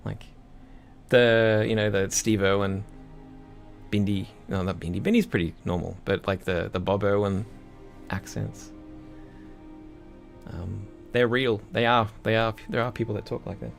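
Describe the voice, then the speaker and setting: A man's voice: fairly low pitch, fairly even intonation, measured pace, vocal fry, long pauses, soft background music. A young Australian man with an Australian accent, chatting casually on a livestream with a rambling, laid-back manner and frequent laughs. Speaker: composer streaming live. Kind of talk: casual livestream chat reading viewer messages.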